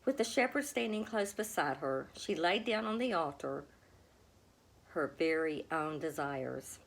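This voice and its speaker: A woman reading a children's storybook aloud, with a gentle, expressive manner. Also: deep voice, unhurried, vocal fry. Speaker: storybook reader. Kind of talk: storybook read-aloud narration.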